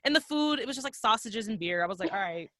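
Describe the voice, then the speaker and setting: A woman's voice: on the high side, quick pace, no echo. A young adult woman, a podcast guest, telling travel stories in casual, profane chat and acting out the voices she quotes. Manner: profane, animated storyteller who acts out quoted voices.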